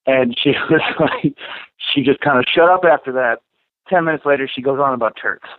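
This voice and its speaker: A man's voice: medium pitch, moderate pace, dry recording. Male podcast storyteller, loose and profane, on a thin phone-like line with a dead-dry sound. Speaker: podcast co-host. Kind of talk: casual storytelling.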